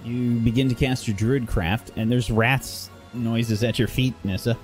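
A man's voice: mid-range voice, steady tone, unhurried, faint music behind. A man running a tabletop game, describing events in a plain, matter-of-fact way. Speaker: game master.

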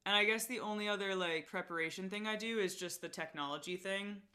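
A woman's voice: mid-range voice, fairly quick, sharp tone. A young woman in casual interview chat, talking about her podcast with lots of "like" and frequent laughs. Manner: chatty, lots of "like", laughs often. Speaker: podcast host as guest.

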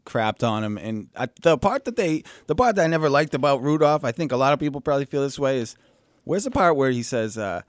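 A man's voice: mid-range voice, sing-song, a little fast, dry recording, studio quality. A man co-hosting a podcast, chatting casually and tossing in wry jokes. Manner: joking, wry asides. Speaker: podcast co-host.

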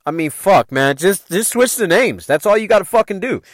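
A man hosting a podcast, spinning childhood stories in a lively, swooping voice with plenty of cursing and slang. His voice sits a bit high for a man. The sound is dry and close, with no room around it. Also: a little fast, no echo. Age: adult parent. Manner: profane, animated, loose street slang. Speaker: podcast host. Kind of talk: casual storytelling.

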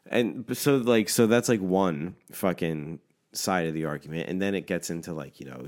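A man's voice: sits low, moderate pace, a little mellow. A man telling a story in casual talk, ranting and swearing constantly with lots of "like" fillers. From Philadelphia area. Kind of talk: casual profane storytelling rant.

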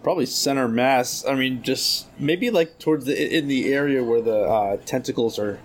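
A man's voice: medium pitch, normal speed. A man playing in a tabletop game, chatting in a laid-back, laughing way. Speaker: player. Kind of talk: casual game chat.

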